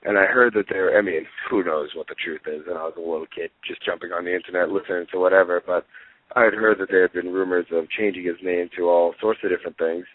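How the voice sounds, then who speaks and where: A man's voice: deep voice, fast. Young man talking over a tinny phone line. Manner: rambling, lots of fillers, gets excited retelling. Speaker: guest wrestler. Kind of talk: casual interview chat.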